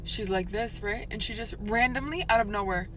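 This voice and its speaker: A woman's voice: medium pitch, moderate pace, background noise. A woman in her twenties telling a storytime vlog in a chatty, profane way, talking straight to the viewer.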